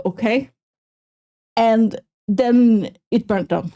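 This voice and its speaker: A woman streamer chatting casually with her viewers while reacting to a video, animated and self-mocking, with a slight Swedish accent. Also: a little high, takes it slowly, creaky, long pauses. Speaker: VTuber streamer.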